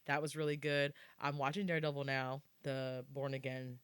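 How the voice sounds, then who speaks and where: A woman's voice: normal speed, clean tone, no echo. A woman co-hosting a podcast in casual chat, telling stories and acting out quotes in squealing voices. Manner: animated storytelling, acts out quotes in high squeals. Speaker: podcast co-host.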